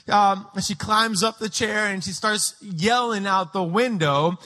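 A man preaching a sermon, praying and then telling childhood stories from growing up in Peru, acting out voices with shouts. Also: high-pitched, moderate pace. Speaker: pastor. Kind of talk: sermon with personal storytelling. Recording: echoey hall with long reverb.

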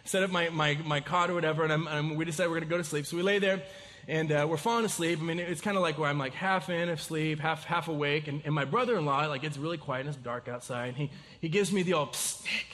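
A high-pitched man preaching to a congregation, relaxed and chatty, stumbling and restarting as he tells a story. His voice rings out with a long reverb in a church auditorium. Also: fast. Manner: storytelling, animated, many restarts and fillers. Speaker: pastor. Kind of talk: sermon. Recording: reverberant hall.

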